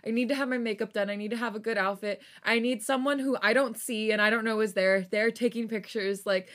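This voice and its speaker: A woman co-hosting a podcast, reading fan fiction aloud in a soft voice and breaking off into loud, laughing, flustered chat. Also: on the high side, steady tone, fairly quick, hardly any pauses.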